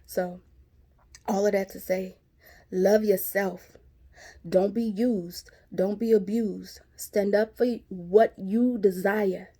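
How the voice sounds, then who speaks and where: Chatty woman telling a story, mellow voice. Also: medium pitch, steady tone, slow. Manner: chatty, laughing, addresses viewers as y'all and sis. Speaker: vlogger. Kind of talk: casual storytelling to viewers.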